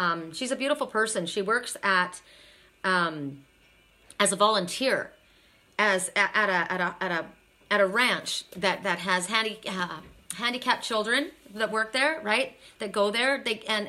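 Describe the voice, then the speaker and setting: Bright-voiced, chatty middle-aged woman. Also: medium pitch, normal speed. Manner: chatty, emotional, repeats herself. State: tired. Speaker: oracle card reader. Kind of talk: live-stream card reading chat.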